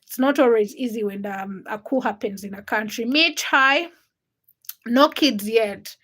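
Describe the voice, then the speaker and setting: Woman livestream host from Uganda, high bright voice, chatty and friendly, reading and answering comments from home. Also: unhurried. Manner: chatty, greets viewers by name, answers comments. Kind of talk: casual livestream chat greeting viewers.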